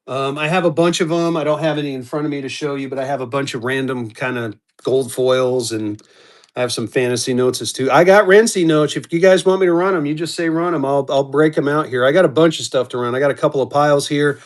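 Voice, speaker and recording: A man with a medium-pitched voice hosts a live-stream auction, talking fast in a steady tone. He's upbeat and chatty, calling out bidders as they arrive.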